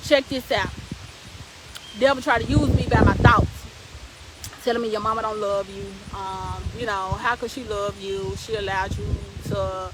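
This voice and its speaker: A woman's voice: medium pitch, steady tone, moderate pace, noisy background. A young adult woman hosting a live stream, preaching emphatically to her viewers and repeating her points for weight.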